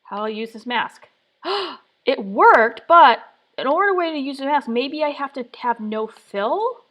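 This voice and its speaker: Thinking aloud on a live design stream from her home workspace, a woman mutters through trial and error, testing one thing after another. She has a high-pitched, expressive voice and talks at a normal speed.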